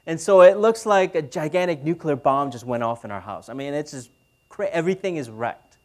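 Man in his thirties, pastor delivering a relaxed, chatty sermon with questions to the room. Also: on the high side, a little fast. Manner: conversational, asks the audience questions.

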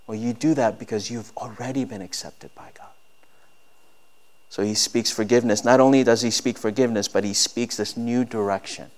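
A man's voice: medium pitch, steady tone, normal speed. A man in his thirties preaching a sermon as a pastor, earnest and rising to emphatic peaks.

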